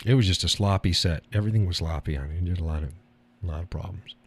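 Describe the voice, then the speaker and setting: A man's voice: low-pitched, quick pace, creaky, breathy edge. A man hosting a live stream, chatting casually and answering his viewers with frequent laughs. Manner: rambling, laughs often, reads and answers chat.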